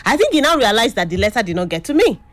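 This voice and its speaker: A young Nigerian woman co-hosts a casual chat. She has a high voice that swoops lively up and down, and she laughs a lot while she tells her stories. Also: rapid-fire, no echo. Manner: animated storyteller, laughs often. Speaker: co-host.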